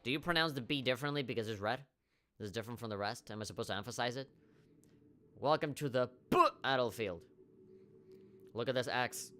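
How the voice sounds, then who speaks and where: A man's voice: medium pitch, very fast, bright, forceful tone, faint music behind. A man streaming a video game live, rambling with wry, profane commentary.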